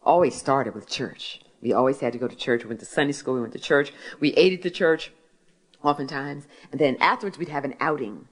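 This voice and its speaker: A woman from Philadelphia, an author who tells stories in a gentle way and reads from her book. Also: extremely low pitch, fairly quick. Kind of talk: talk with a reading from her book.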